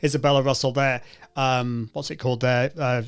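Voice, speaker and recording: A man's voice: mid-range voice, little pitch movement, normal speed, clear, resonant tone. A man hosting a live show, chatting in a friendly way and reading out viewer comments. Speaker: host. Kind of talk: casual live-stream chat.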